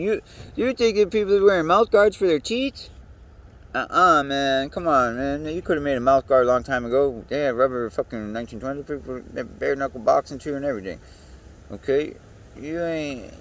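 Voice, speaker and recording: Guy ranting on and on, swearing a lot, voice jumps all over, kinda far from the mic w/ faint hiss. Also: mid-range voice. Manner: profane, rambling, animated. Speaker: show host. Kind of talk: rambling monologue. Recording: distant mic with faint background noise.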